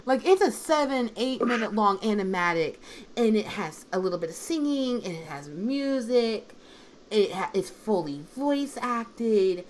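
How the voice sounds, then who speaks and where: Calling in from home, a woman in a dub group chats on a livestream with the other dubbers in a slightly high, animated voice at a measured pace. Her talk is rambling and peppered with "I'm like," over a faint hiss or hum.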